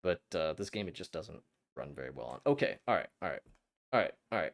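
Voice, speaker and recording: A young man streaming a game, chatting to his viewers in an excitable, flustered way with frequent stammers. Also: sits low, fast talker, vocal fry. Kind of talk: casual live-stream chat.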